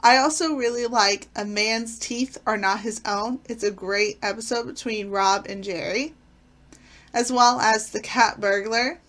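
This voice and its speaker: Woman recapping her fave sitcom eps, kinda high voice, excited, lots of likes and ums. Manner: enthusiastic, retells plots with fillers. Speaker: channel host. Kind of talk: casual episode review.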